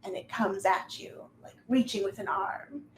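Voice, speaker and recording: A woman's voice: mid-range voice, normal speed. Woman narrating a tabletop game, echoey room. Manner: casual, descriptive, frequent fillers. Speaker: game master. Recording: echoey room with faint noise.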